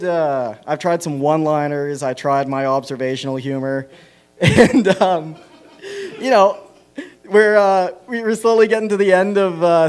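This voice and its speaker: A man's voice: a little high, smooth. A man with a Canadian accent doing a self-deprecating stand-up set at an open mic, rambling through stories with plenty of fillers. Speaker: stand-up comedian. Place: small comedy venue on stage.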